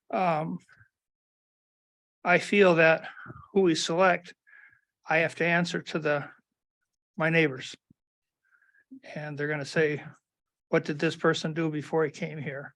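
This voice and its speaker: A man serving as county supervisor, speaking haltingly at a meeting, with many restarts. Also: on the high side, little pitch movement, a bit bright, poor audio. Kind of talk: meeting remarks.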